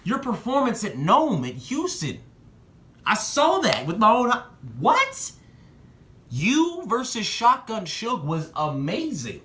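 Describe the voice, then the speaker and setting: A young man in a casual vlog giving excited predictions and talking straight to the people he discusses. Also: a little slow, echoey room, slight background noise. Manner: excitable, talks straight to the rappers, jumps in pitch. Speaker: battle rap commentator.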